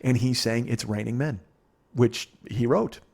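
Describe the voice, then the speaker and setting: A man's voice: medium pitch, a little slow, vocal fry. A man hosting a podcast, telling a long show-business story in a casual, profane, rambling way, often quoting people as he goes. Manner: profane, rambling, animated retelling with quoted voices. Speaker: podcast host.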